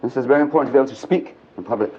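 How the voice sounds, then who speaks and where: A man giving an animated storytelling lecture to a live audience at a men's gathering, joking and speaking bluntly. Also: medium pitch, rapid-fire, breathy edge. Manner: animated and earthy, mixing jokes and blunt language. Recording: dull lo-fi archive tape.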